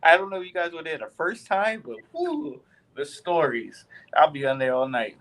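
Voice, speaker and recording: A man's voice: fairly high pitch, expressive, normal speed, a bit bright, poor audio. A man co-hosting a casual trucker chat, joking around and laughing often.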